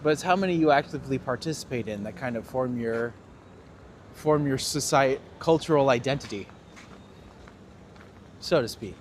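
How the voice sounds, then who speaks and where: Here a Canadian guide walks city streets and chats for his live stream, poking fun at himself with plenty of energy. His voice sits mid-range at a moderate pace broken by long pauses, with traffic audible behind the handheld phone.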